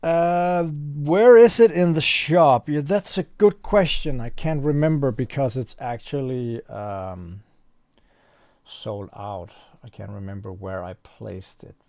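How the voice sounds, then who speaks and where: A man's voice: medium pitch, slow, darkish tone, no room sound, studio quality. A man who runs a shop, chatting casually on a livestream, rambling and thinking aloud while reading the chat. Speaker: store owner livestreaming.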